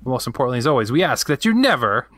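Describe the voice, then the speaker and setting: Bright, dry-sounding male podcast host. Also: mid-range voice, big pitch swings, no room sound. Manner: jokey, quick to tease. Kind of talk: casual banter and show outro.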